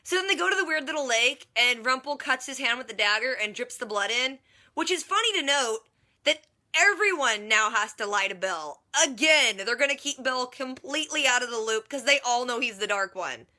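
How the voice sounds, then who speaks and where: Woman vlogger, TV recap; sarcastic, rambling, lots of "like"; sharp bright tone. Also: fairly high pitch, lively intonation, fairly quick. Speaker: TV reaction vlogger. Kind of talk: casual TV episode recap.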